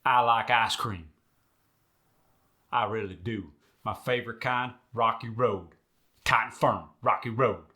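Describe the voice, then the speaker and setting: A man's voice: fairly low pitch, measured pace, pauses often, pushed and bright. A man playing a folksy Midwest farmer guest in a comic accent lesson, speaking with a Midwest Farm Belt accent and drawing out his demonstrations. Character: folksy grown male Midwest farmer type.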